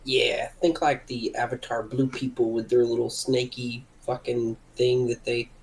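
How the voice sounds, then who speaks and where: A man's voice: medium pitch, little pitch movement, a little slow, rough recording. A man playing in a tabletop game, speaking in a casual, offhand way. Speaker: player.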